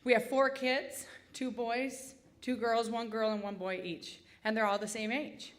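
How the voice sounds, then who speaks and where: A woman's voice: a little high, steady tone, a little slow. A woman in her forties from Michigan telling a comic, self-deprecating story live on stage, in a chatty way.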